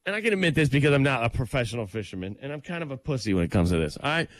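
A man co-hosting a casual chat, telling stories in an excitable, animated way. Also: mid-range voice, racing. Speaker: co-host.

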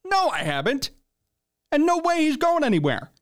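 Young male sports host, blunt and riled up, higher voice. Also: wildly swooping pitch, normal speed. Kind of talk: opinionated sports commentary.

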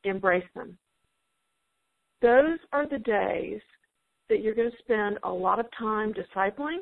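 A woman's voice: medium pitch, dry recording. A middle-aged woman giving an encouraging Christian talk to homeschooling mothers, reassuring and quoting scripture. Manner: warm, reassuring, quotes scripture. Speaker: guest speaker. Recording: tinny phone-like line, dry.

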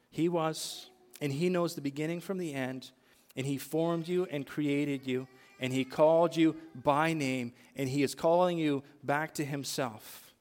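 A man's voice: fairly high pitch, in a large hall. A male pastor preaching a sermon, asking the congregation questions and building emphatic lists.

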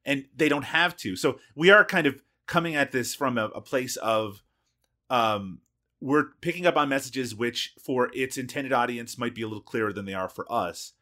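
A man co-hosting a film podcast, relaxed and laughing easily, hedging with filler phrases. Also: mid-range voice, moderate pace. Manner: relaxed, laughs easily, hedges with "you know". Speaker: podcast co-host. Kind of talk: casual film review chat.

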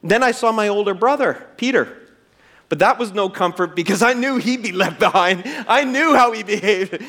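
This middle-aged man's voice sits high and a little bright, moving at a moderate pace. As a pastor giving a church sermon, he shares a personal story with earnestness, treats his listeners like friends, and ends with a prayer.

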